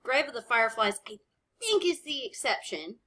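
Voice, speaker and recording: A woman hosting an anime reaction video, chatting casually and rambling as she pauses to comment. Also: fairly high pitch, sing-song, sharp tone.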